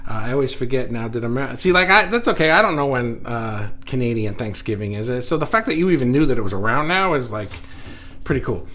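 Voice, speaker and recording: A man hosting a casual live stream, reading viewer comments aloud and thinking out loud with many restarts, recorded indoors under studio lights. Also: medium pitch, expressive, fast talker. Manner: rambling, self-correcting, reflective. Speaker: livestream host. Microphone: facing camera, reading viewer comments.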